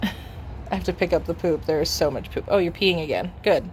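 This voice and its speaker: A woman talking casually in a home vlog, chatty and offhand, now and then coaxing her dogs in a high voice. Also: normal speed, slight background noise. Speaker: vlogger and pet owner. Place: home, then car and vet office.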